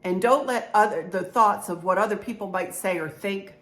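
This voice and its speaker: A woman's voice: mid-range voice, moderate pace. Middle-aged woman, rambling home decor vlogger, encouraging tone. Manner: warm, rambling, encouraging, with many restarts. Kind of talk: chatty haul vlog.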